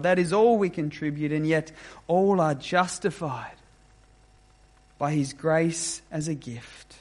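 A man preaching a sermon as pastor, measured and emphatic, with deliberate pauses. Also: a little high, darkish tone.

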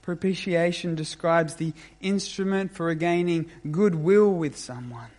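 A man preaching a sermon as pastor, measured and emphatic, with deliberate pauses. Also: on the high side, darkish tone.

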